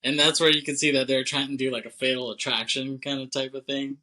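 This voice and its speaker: A man co-hosting a podcast, recapping a film plot in a loose, chatty way, full of "like", quick laughs and casual swearing. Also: mid-range voice, flat delivery, sharp tone, poor audio. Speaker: podcast co-host.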